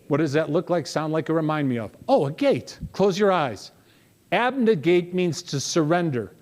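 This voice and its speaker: A middle-aged man giving a lively motivational talk, coaxing his audience through memory exercises. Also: sits high. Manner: energetic, coaxing audience participation. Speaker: motivational speaker. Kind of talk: interactive memory workshop talk.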